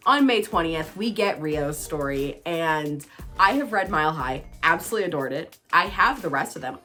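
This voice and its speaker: A woman vlogging about books in an excitable, chatty way, teasing herself as she goes. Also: lowish voice, moderate pace, faint music behind. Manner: bubbly, excitable, self-teasing. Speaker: book vlogger. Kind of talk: casual chatty book talk.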